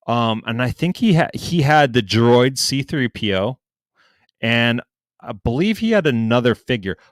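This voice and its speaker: A man's voice: medium pitch, unhurried, no room sound. A young adult man, a podcast co-host, telling a story in casual chat, swearing freely and acting out what others said in a raised voice. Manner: animated, profane, acts out quotes in a raised voice.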